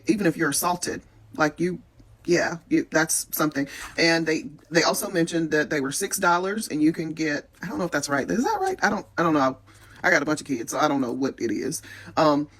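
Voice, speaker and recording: A woman talking casually to camera, giving practical tips in a frank, earnest way with many pauses. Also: sits low. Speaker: vlogger giving preparation tips.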